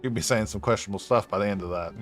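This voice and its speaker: A man's voice: lowish voice, rapid-fire. A young man commenting casually while playing a game on stream, laughing often and swearing, rambling loosely. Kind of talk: casual let's-play commentary. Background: faint game music.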